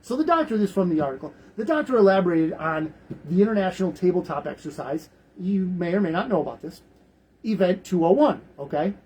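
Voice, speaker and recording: A man's voice: sits high, expressive, fairly quick, a little mellow, husky, low-quality recording. A man hosting a talk radio show, rambling through the news in casual commentary, often repeating words.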